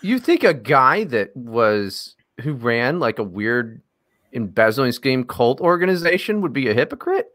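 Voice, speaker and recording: A man's voice: mid-range voice, big pitch swings, a little slow, fairly bright tone. A man co-hosting a casual podcast, joking sarcastically and swearing a lot. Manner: sarcastic, profane, jokey. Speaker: podcast co-host. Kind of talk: casual comedic podcast chat.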